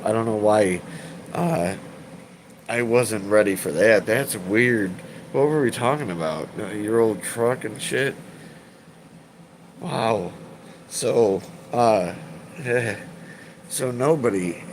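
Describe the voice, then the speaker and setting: A man in his thirties chatting on a live stream, rambling and swearing, halting with fillers and repeats, emotional and choked up. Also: lowish voice, background noise. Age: 30s. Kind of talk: casual live-stream chat.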